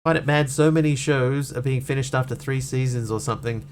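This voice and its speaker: A man's voice: medium pitch, fairly even intonation, a little fast. A man streaming a game, chatting casually and rambling as he thanks viewers. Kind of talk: casual live-stream chat while gaming.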